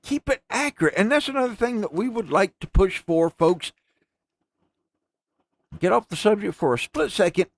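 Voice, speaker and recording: Speaking to his "folks" at a normal speed, a podcast host with a high, animated voice pauses often. His casual, emphatic rant is full of free swearing.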